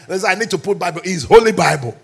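A man preaching a sermon as pastor, emphatic and often shouting, with rhetorical questions to the congregation. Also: high-pitched, creaky, husky.

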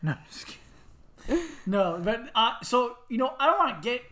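A man's voice: extremely high pitch, normal speed. Chatty man co-hosting a casual podcast. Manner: animated storyteller, jokey, often breaks into loud laughing impressions. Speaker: podcast co-host.

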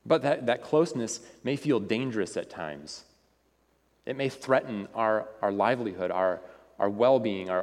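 A man's voice: mid-range voice, darkish tone. A man preaching a sermon to a congregation in a conversational way, often repeating words as he goes. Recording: reverberant hall.

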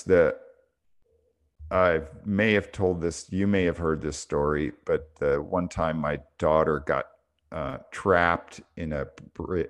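A middle-aged man telling a story on a casual spiritual podcast, reflective and full of small restarts. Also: very deep voice. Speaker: podcast co-host.

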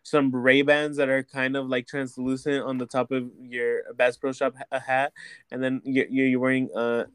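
A man's voice: medium pitch, completely flat delivery, normal speed, clear, resonant tone. A man in casual chat who rambles, fills his talk with "like" and "uh", and swears a lot.

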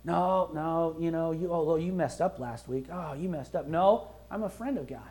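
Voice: mid-range voice, normal speed, darkish tone. A pastor preaching a sermon in a conversational, emphatic way, acting out prayers and quotes as he goes. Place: church.

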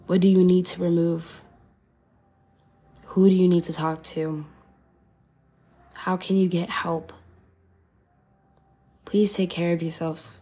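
A woman's voice: lowish voice, flat delivery, slow, pauses often, warm tone, breathy edge. A young woman hosting a faith podcast, speaking earnestly and heartfelt to her listeners, fighting back emotion. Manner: earnest, heartfelt, addresses listeners as y'all and guys. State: holding back tears. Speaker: podcast host.

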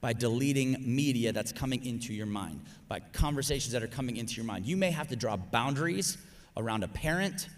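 A man, a pastor, preaching a sermon, pressing his listeners to answer and swinging from loud exhortation to hushed, soft lines. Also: mid-range voice, expressive, a little fast. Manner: calls on the congregation to answer.

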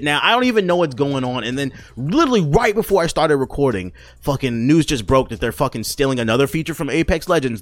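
A man's voice: mid-range voice, fairly bright tone, dry recording. A man hosting his own podcast, rambling and joking in a casual, profane rant. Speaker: podcast host.

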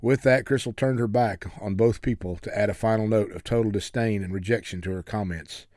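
A man's voice: on the low side, fairly even intonation, a little fast, dark tone, dry recording, clean studio sound. A man who hosts a podcast and preaches as a guest, reading a novel aloud and reflecting earnestly on it. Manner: earnest, reflective, with some restarts.

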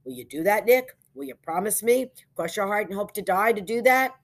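A woman's voice: medium pitch, animated, normal speed, voice pushed up, natural voice. A woman voicing a male traveler who coaxes and pleads in earnest, rising questions. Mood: pleading.

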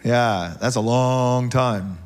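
A man preaching a sermon in church, animated and joking with the congregation, often checking in with "okay?". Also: medium pitch, slow pace, clear, resonant tone. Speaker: pastor.

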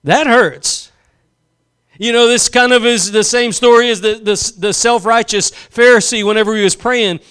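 A man preaching a sermon with passion, building slowly with emphasis and dropping into soft asides. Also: high voice, clear, resonant tone. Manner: impassioned, swings between slow emphatic build-ups and soft asides.

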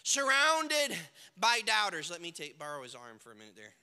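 A male pastor preaching a sermon, moving between quiet storytelling and loud, shouted declarations while acting out the people in the story. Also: sits high, wildly swooping pitch, normal speed, smooth, big-room sound. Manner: swings from hushed storytelling to shouted preaching, acts out characters.

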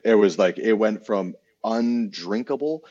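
Young man, deep and husky, casual storyteller; dull lo-fi recording. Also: unhurried, dark tone. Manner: rambling storyteller, frequent restarts and swearing. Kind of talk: casual chat. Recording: dull lo-fi sound.

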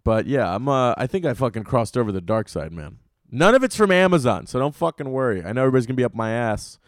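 A young adult man hosting a comedy podcast and rambling through a profane solo rant. His pitch leaps and dips as he gets carried away. The sound is dry and close, with no room around it. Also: very animated, a little fast, no echo. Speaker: podcast host.

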